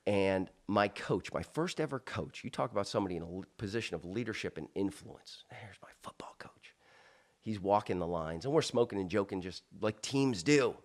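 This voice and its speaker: Interview guest, male, from South Florida, fairly low voice, animated storyteller who restarts often. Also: fairly quick, few pauses. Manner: animated, many restarts and asides.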